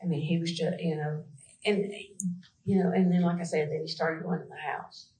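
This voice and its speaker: A woman's voice: on the low side, fairly even intonation, normal speed, warm tone, echoey room, a little hiss or hum, low-quality recording. A woman with a Southern US accent, answering questions in a police interview, rambling and hesitant with many fillers.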